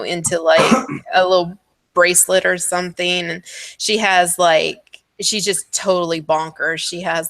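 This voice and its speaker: A woman narrating as dungeon master for a tabletop game, halting and full of restarts. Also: low voice, fairly bright tone, no room sound. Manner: halting, many fillers and restarts.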